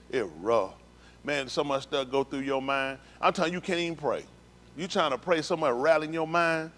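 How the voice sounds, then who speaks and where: A man with a mid-range, fairly bright voice testifies emphatically before a congregation on a synagogue livestream. He tells his story in street slang, speaking plainly and repeating himself.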